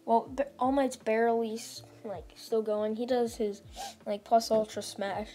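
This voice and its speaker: A woman's voice: a little high, steady tone, measured pace, mellow, soft background music. A woman casually retelling a fan-made story, rambling with lots of "like" and restarts.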